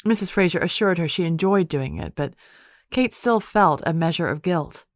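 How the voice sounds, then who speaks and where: Low-voiced woman narrating an audiobook. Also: lively intonation, moderate pace, dry recording, clean studio sound.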